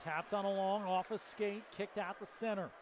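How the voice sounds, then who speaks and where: Play-by-play man for college hockey, high pitched, over steady background noise. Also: normal speed. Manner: joking banter between calls. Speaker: play-by-play commentator.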